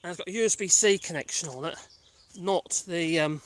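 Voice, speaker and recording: A man's voice: sits high, a little fast, fairly bright tone. A man chatting casually on a countryside walk with his dogs, rambling and wry and easily sidetracked, recorded outdoors on a small phone mic. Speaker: vlogger. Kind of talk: casual chat while walking dogs.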